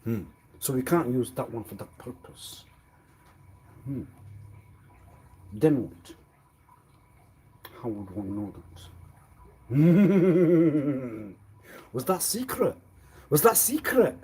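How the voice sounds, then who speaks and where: A man on a live stream rambling in a disjointed monologue, arguing back and forth with himself and repeating words, swinging from quiet mutters to loud exclamations. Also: medium pitch, animated, slow, pauses often, slightly rough. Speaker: livestreamer.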